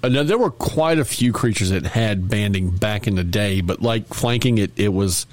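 Low-voiced male podcast co-host, casual and jokey, loose with curse words. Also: moderate pace, no room sound. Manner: joking, playful, swears freely. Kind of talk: casual chat.

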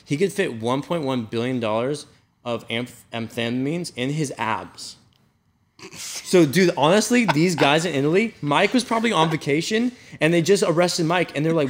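A man's voice: a little high, animated, moderate pace. A man in his twenties co-hosting a podcast, telling rambling, joking stories in casual chat. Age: 20s. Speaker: podcast co-host.

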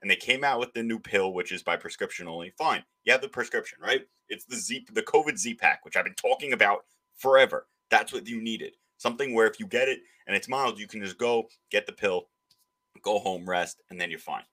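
A man's voice: fairly low pitch, brisk, bright, forceful tone. A man hosting a political podcast who rants emphatically and slips into mocking voices. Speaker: podcast host. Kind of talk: opinionated political podcast talk.

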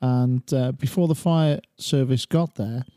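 A man on a chat panel, telling a story calmly and in a measured way. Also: medium pitch, no room sound, clean studio sound. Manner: calm, measured, with fillers. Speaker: regular panelist. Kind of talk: casual chat.

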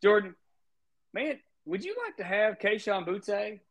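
A man co-hosting a sports talk show, playful and joking as he makes his picks. His voice sits a little higher than most men's. He talks in a loose, casual way. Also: lively intonation, unhurried, fairly bright tone. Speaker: podcast co-host.

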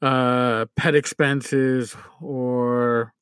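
A man's voice: mid-range voice, little pitch movement, very slow, fairly bright tone, clean tone, dry recording. A man hosting a casual podcast, ranting with swearing, fillers and restarts. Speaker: podcast host. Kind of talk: casual solo podcast commentary.

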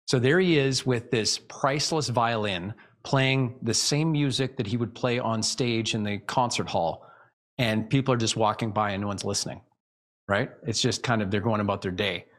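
A man's voice: medium pitch, moderate pace, fairly bright tone. A man speaking as an interview guest, explaining speaking tips in a coaching tone and acting out vocal examples. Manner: coaching tone, demonstrates vocal examples, many restarts. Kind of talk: casual interview chat.

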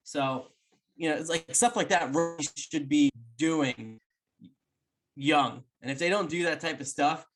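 A man's voice: fairly high pitch, a little slow, music in the background. A firefighter and station cook chatting casually on a podcast, teasing his friends and swearing freely.

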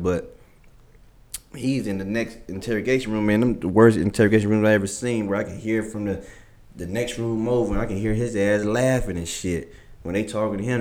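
A man guest in an interview, telling a story in casual, profane speech and acting out the things people said to him. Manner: profane, swears constantly; acts out quoted exchanges, jumping higher and louder.

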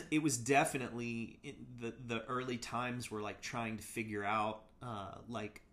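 A man in casual conversation, working through a personal story out loud, pitched right in the middle for a man. He hesitates a lot, leaning on "like" and "you know", restarting phrases and letting them trail off. The delivery is candid and unscripted. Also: steady tone, a little slow. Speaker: interview guest.

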